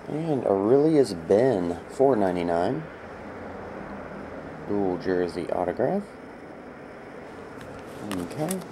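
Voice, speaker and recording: A man casually calling out cards as he opens packs, rambling and easily excited, with a laugh here and there. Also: on the low side, slow, long pauses, noisy background. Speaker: card break host. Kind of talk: casual card-opening commentary.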